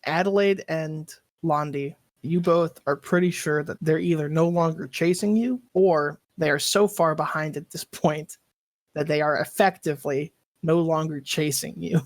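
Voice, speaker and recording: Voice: mid-range voice, steady tone, normal speed, dry recording. A game master narrating and checking in with players, easygoing and explanatory.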